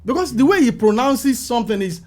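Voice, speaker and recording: Animated high-voiced Nigerian man storytelling. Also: a little fast. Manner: animated, acts out calls and quotes with rising pitch. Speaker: film makeup artist, guest. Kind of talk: storytelling in an interview.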